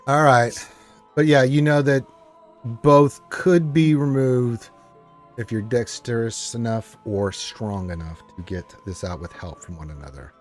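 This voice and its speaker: A man's voice: medium pitch, a little slow, soft background music. A man acting as dungeon master, explaining the rules at length with many ums and uhs. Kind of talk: narrating a tabletop game.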